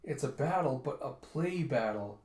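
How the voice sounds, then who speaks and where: A man voicing a calm, gentle young male king who speaks slowly and mildly. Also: mid-range voice, reverberant, close to an everyday voice. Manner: slow, mild, unhurried.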